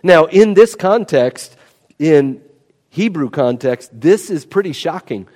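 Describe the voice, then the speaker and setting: A man's voice: a little high, expressive, slow pace, darkish tone. A man preaching an expository sermon, emphatic and teaching, often repeating key words for weight. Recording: long hall reverb.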